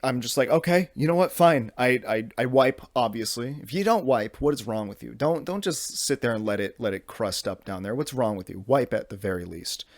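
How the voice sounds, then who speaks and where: A man's voice: medium pitch, expressive, normal speed, hardly any pauses, dry recording, studio quality. A young man in his twenties hosting a podcast, telling a rambling comedic story full of restarts and swearing. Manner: rambling and exasperated, with many restarts and profanity. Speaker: podcast host. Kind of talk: casual comedic monologue.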